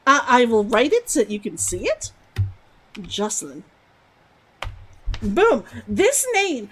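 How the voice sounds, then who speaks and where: A woman's voice: on the high side, huge pitch swings, slow pace, long pauses, breathy edge. A woman streaming a game, chatting casually and giggling as she answers her chat.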